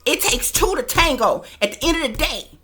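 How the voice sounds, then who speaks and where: A woman's voice: sits high, lively intonation, moderate pace, bright, forceful tone, faint music behind. A woman hosting a heated commentary vlog, talking bluntly and emphatically with plenty of profanity. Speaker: channel host.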